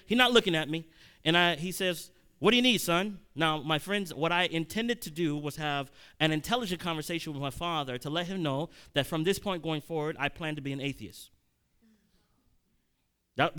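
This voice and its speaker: A man, likely in his thirties, preaching a sermon as a personal story, conversational with sudden loud emphatic peaks and frequent restarts. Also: on the high side, smooth.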